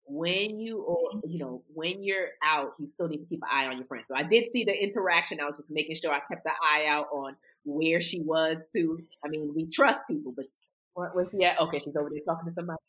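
A woman's voice: sits low, fairly quick, fairly bright tone, slightly rough. A woman guest chatting casually and laughing as she recalls a story on a podcast.

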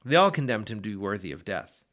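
Expressive man reading scripture aloud. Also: on the low side, fast. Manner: expressive, dramatic delivery. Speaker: Bible reader.

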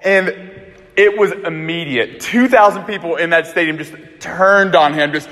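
Storytelling pastor in an echoey hall. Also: male voice, sits high, moderate pace. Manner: conversational storytelling, animated and chatty. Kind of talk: sermon with a personal story.

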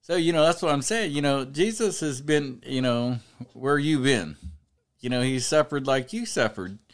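A man's voice: medium pitch, animated, moderate pace. A man giving an informal Bible study talk, reading verses and explaining them in a conversational way, often saying "you know" and building up to emphatic preaching. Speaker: Bible teacher.

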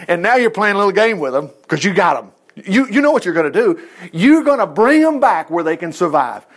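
A man reading a Bible story aloud and breaking in with folksy, animated commentary to his listeners. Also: sits high, fairly quick. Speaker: Bible teacher.

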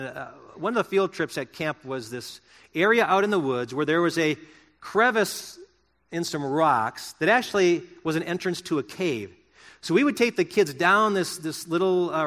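A man's voice: on the high side, fairly bright tone, long reverb tail. A middle-aged male pastor preaching a sermon in an earnest, conversational way, asking his listeners rhetorical questions.

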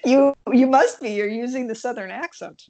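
Woman co-host, casual chat, friendly and prompting, pitch slightly raised. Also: moderate pace, dark tone, dull audio. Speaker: podcast co-host.

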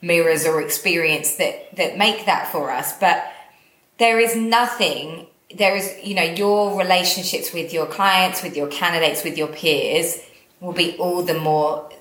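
A woman's voice: on the low side, measured pace, a bit bright, roomy sound. A woman co-hosting a podcast, reflective and teasing, laughing easily. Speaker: podcast co-host. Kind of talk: casual conversational podcast chat.

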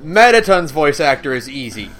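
Chill podcast cohost, mid pitch, chatty and into it, faint music behind. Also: sing-song, moderate pace, a bit bright. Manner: chatty, easygoing, enthusiastic. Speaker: podcast co-host. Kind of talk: casual chat.

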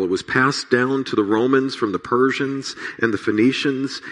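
A man preaching in an earnest, measured voice at a middle pitch. He moves between reading scripture, praying and explaining, with small restarts as he goes. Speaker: pastor.

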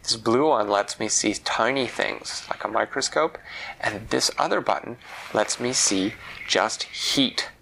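A man's voice: fairly low pitch, measured pace, vocal fry, pushed and bright, a little hiss or hum, full character voice, low-quality recording. A man voicing an adventurous aunt in a storybook tale, patiently explaining her gadgets.

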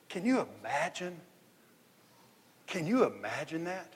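A man's voice: fairly high pitch, lively intonation, normal speed, fairly bright tone. A man preaching a sermon, telling the story in casual slang and acting out the dialogue. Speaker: pastor. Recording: long hall reverb.

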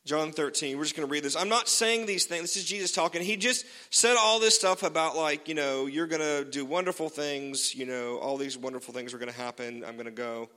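Male pastor, fairly high and bright voice, casual joking sermon, long church reverb. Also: brisk, few pauses. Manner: casual and joking, many fillers.

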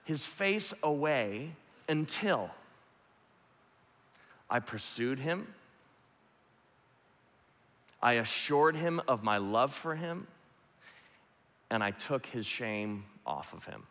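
A man's voice: medium pitch, sing-song, very slow, long pauses, fairly bright tone. A middle-aged man preaching a sermon as a pastor, earnest and repeating phrases for emphasis, speaking in a large church hall. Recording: long hall reverb.

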